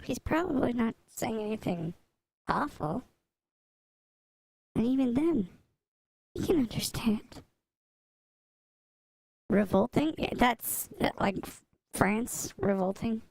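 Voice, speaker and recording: A woman streaming as she draws, chatting casually with viewers and murmuring to herself as she works. Her voice has a creaky, gravelly texture and sounds dry and close to the desk microphone. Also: fairly high pitch, animated, slow, long pauses, a little mellow, dry recording, poor audio. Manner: chatty, answers chat, mutters to herself while drawing. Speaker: streamer drawing live. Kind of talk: casual livestream chat. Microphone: desk mic by a drawing tablet.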